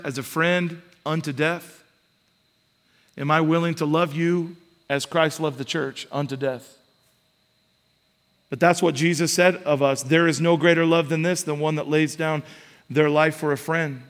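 A high-pitched man preaching a sermon, talking to the congregation as if in conversation. He builds his points with rising emphasis and drops in casual asides. His voice carries the long reverb of a large hall. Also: fairly even intonation, unhurried, long pauses, fairly bright tone. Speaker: pastor.

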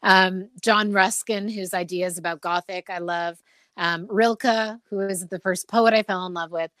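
Brief: middle-aged woman author, rhythmic and expressive delivery, close dry sound. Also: medium pitch, dry recording. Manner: rhythmic, measured reading; animated, expressive talk. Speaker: poet and novelist, guest author. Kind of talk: literary reading, then interview talk.

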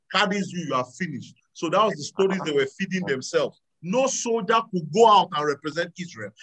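A man preaching a sermon to a live audience, animated, swinging between loud exclamations and quiet asides. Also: fairly high pitch, poor audio. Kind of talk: sermon with audience call-and-response.

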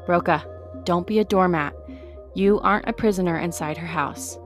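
A woman voicing a calm, firm female guide who coaches others in a patient, direct way. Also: fairly low pitch, moderate pace, soft background music, lightly acted.

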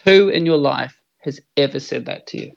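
A man's voice: mid-range voice, moderate pace, vocal fry, highs cut off. A man, an earnest and reflective podcast guest who swears freely. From New Zealand. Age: 40s. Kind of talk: podcast conversation.

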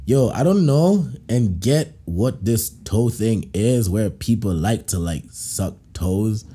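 A man from Kenya hosting a casual podcast, his voice dark and husky and his pitch leaping around as he laughs and acts out reactions. He reads listener stories slowly, with slangy banter. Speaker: podcast host. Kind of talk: casual chat, reading listener stories aloud.

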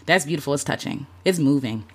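A woman's voice: rumbling low, lively intonation, a little fast. Emotional woman hosting a casual livestream. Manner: heartfelt, talks openly with lots of fillers and "like"; greets and thanks viewers in the chat by name. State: emotional, near tears at times. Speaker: content creator hosting a livestream. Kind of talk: casual live-stream chat reflecting on the year.

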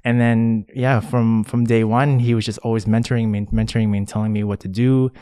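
A man's voice: on the low side, fairly quick, clear, resonant tone, dry recording, studio quality. Laid-back young man rambling casually. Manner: relaxed and rambling, says "man" a lot, laughs often. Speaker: guest. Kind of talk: casual podcast chat.

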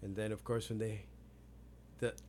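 Easygoing man talking over a quiet hum. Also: lowish voice, little pitch movement, moderate pace. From New York. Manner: retells scenes acting out lines. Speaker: podcast co-host. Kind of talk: casual book discussion.

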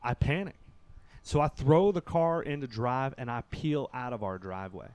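A podcast guest from Kentucky tells a story in relaxed talk, his voice clear and resonant at a normal speed. The recording is dry, and he shifts from loud bursts to soft, low spells.

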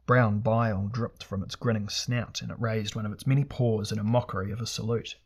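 Husky, low-voiced male fantasy narrator. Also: fairly even intonation, fairly quick. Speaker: audiobook narrator.

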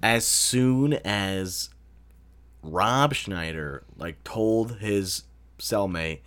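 A man discusses a film in a blunt, offhand way, swearing casually. His voice sits fairly low. He talks like someone who saw the twist coming. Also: extremely slow, a bit bright. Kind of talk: casual movie review chat.

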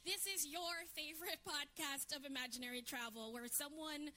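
A woman co-hosting a live podcast on a theatre stage, bantering with quick, dry jokes. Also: high-pitched, sharp tone. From New York City. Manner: quick, dry, joking delivery. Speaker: podcast co-host.

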